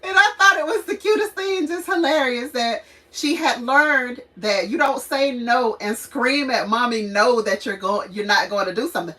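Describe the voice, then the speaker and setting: A woman, a mother who hosts her own channel, runs a casual livestream, telling stories and ranting with lots of laughter and acted-out quotes. Her voice is a little high at a moderate pace, recorded from a distant mic on low-quality audio.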